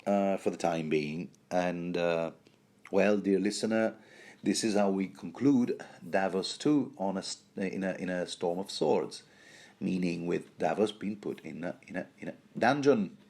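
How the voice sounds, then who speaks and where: A man's voice: low-pitched, a little slow, gravelly, a little mellow. A man hosting a rambling, jokey book commentary, often stumbling and restarting mid-sentence.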